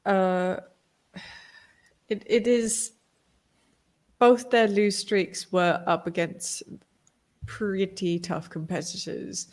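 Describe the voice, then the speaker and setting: A woman's voice: medium pitch, fairly even intonation, extremely slow, pauses often, darkish tone. A woman co-hosting a casual sports podcast, full of playful banter. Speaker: podcast co-host.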